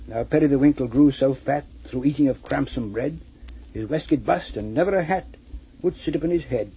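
A man recites rhymed verse in a lilting, rhythmic storybook manner. His voice is very husky and breathy, dark and mellow in tone, sitting a little high for a man. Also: brisk, rough recording. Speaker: reader. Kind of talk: poetry reading.

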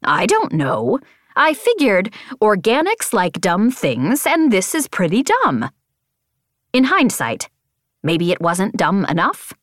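A woman's voice: mid-range voice, slow, dry recording, clean studio sound. A woman voicing a wry, sarcastic ship AI. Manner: deadpan, wry. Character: sarcastic male ship AI, chatty and quirky.

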